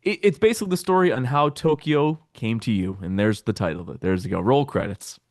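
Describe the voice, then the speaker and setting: A man's voice: mid-range voice, animated, a little fast, darkish tone, no echo. A man who is a guest on a show, explaining things in detail with the odd dry joke. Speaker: documentary maker guest. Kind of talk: casual interview talk.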